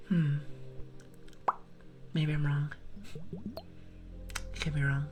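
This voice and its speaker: A young woman with a low, soft voice rambles and giggles through a whispered ASMR stream on a close mic. She drifts between breathy whispers and quiet speech. Faint music plays underneath. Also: little pitch movement, very slow, long pauses. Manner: chatty, giggly, rambling, greets viewers. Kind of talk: whispered ASMR livestream chat.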